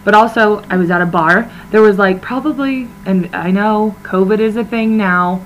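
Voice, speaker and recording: A woman's voice: medium pitch, normal speed, slight background noise, low-quality recording. Chatty young woman, a bit froggy. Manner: rambling, chatty, laughs often. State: slightly hoarse, froggy from talking loudly at a bar. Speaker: podcast co-host. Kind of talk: casual chat.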